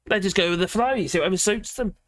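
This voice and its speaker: A man's voice: high-pitched, fast, a bit bright, no echo. A man hosting a casual livestream, chatting and rambling through viewer comments in an opinionated way from home. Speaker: livestream host.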